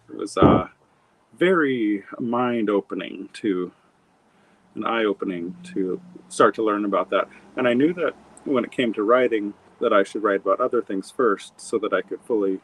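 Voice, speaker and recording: In a conversational interview, a middle-aged author from Montana reflects on his story in a lowish voice, wandering through it with lots of fillers and false starts. Slight background noise comes through on this low-quality recording.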